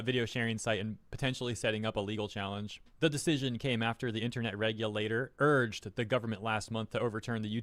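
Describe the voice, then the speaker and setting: A man's voice: on the low side, fairly bright tone, dry recording. A man doing online commentary, reading news headlines aloud with wry, mocking asides.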